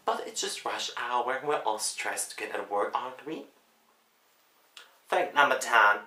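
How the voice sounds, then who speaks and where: A woman in her twenties chats to camera in English that is not her first language, rambling on and correcting herself as she goes. Her voice is bright and swings widely up and down in pitch. The room is echoey, with faint music underneath. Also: lively intonation, a little slow. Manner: rambling, chatty, self-correcting. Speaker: vlogger. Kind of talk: casual chat to camera.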